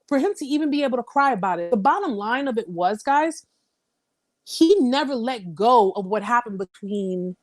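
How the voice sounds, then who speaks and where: A woman's voice: on the high side, no room sound. A young adult woman hosting a casual live-stream chat, reading viewer comments aloud and talking candidly, repeating phrases for emphasis.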